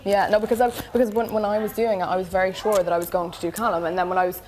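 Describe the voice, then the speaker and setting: Fast-talking woman retelling an argument. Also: medium pitch, steady tone, darkish tone, a little hiss or hum. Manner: rapid, retelling with quoted dialogue. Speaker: reality show contestant. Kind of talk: heated casual chat. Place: house living area, indoors.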